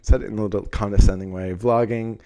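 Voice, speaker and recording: A young man talking casually to camera, giving energetic motivational advice and swearing for emphasis. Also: on the low side, quick pace. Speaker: self-help vlogger.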